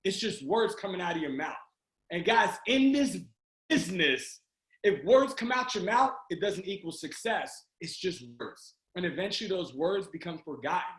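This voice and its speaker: A man giving an energetic motivational pep talk to a sales team over a video call, often shouting and urging listeners on. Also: high-pitched, moderate pace. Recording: roomy video call audio.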